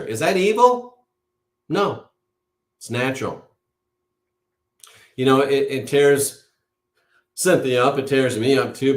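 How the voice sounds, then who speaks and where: A man hosting an online show, giving an impassioned monologue to a live audience. He speaks emphatically and in a preachy way, repeating key words for force. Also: mid-range voice. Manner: emphatic, with insistent repetition; preachy, declaring things as certain. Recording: roomy echo.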